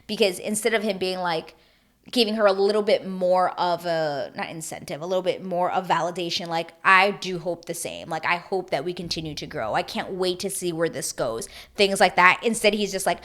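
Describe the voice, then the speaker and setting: A woman giving a chatty, animated recap of a reality TV season, acting out her own reactions as she goes. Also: lowish voice, normal speed. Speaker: TV recap host.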